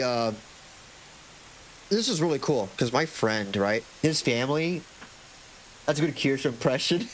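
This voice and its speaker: A young man from Florida chats on a live stream, rambling from topic to topic and joking with casual swearing. His voice sits at a middle pitch, and a faint hiss runs under the desk mic. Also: fairly bright tone. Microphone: desk microphone.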